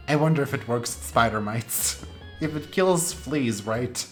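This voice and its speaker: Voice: medium pitch, animated, a little slow, reverberant. Playful plant vlogger with faint music. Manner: playful, self-mocking chatter. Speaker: plant channel host. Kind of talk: casual vlog while repotting a plant.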